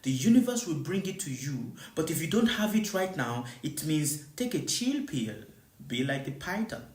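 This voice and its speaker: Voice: mid-range voice, big pitch swings, normal speed, darkish tone, roomy sound. A spiritual teacher giving a live teaching, repeating points and asking listeners again and again whether they understand. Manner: repeats rhetorical questions to listeners; repetitive, emphatic preaching.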